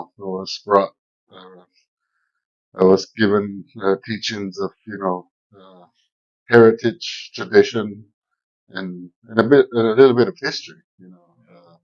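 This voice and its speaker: Low-voiced guy in his fifties, talks real slow with lots of uhs, outside, kinda muffled audio. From New Mexico, Zuni area. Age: 50s. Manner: slow, hesitant, with many fillers. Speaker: guest, cultural guide. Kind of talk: casual interview. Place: outdoors at an old village site.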